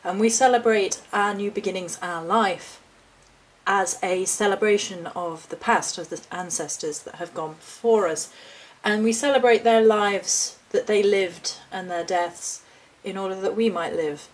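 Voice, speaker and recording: A woman vlogging about her handmade nature altars, speaking with passion in a lilting, expressive way. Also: medium pitch, a little slow. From United Kingdom. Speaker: hedge witch and altar maker. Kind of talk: spiritual vlog talk.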